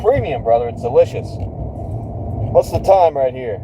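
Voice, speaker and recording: Joking foul-mouthed guy rambling to his stream, pitch all over the place, loud cars behind. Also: expressive, moderate pace. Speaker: livestream host. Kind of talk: casual rambling chat to viewers. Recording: loud vehicle and street noise. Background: vehicle noise.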